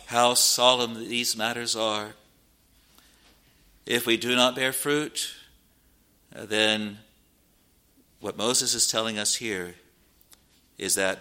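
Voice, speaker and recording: A man's voice: fairly low pitch, level tone, unhurried, long pauses, pushed and bright. A man preaching a sermon in a solemn, earnest manner, quoting scripture in old-fashioned wording. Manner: solemn, rising to urgent warnings.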